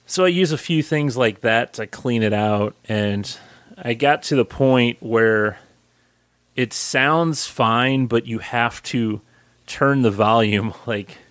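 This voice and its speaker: Man, podcast co-host, easygoing casual chat, middle pitch, dry close recording, halting with restarts. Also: a bit bright, dry recording.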